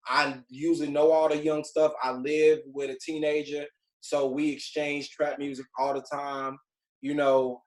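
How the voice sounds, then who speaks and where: A man's voice: on the high side, flat delivery, unhurried. Chatty man in his forties, echoey room. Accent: Southern US. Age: 40s. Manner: chatty, laid-back storytelling full of "like" fillers. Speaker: TV writer sharing career advice. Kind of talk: casual talk to a group.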